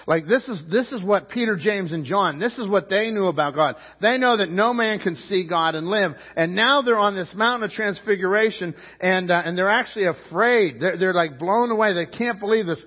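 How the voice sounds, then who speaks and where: A man's voice: sits high, moderate pace, hardly any pauses, breathy edge, long reverb tail, muffled recording. A man preaching a sermon as pastor, in a loose, conversational way that repeats words and asks the crowd questions.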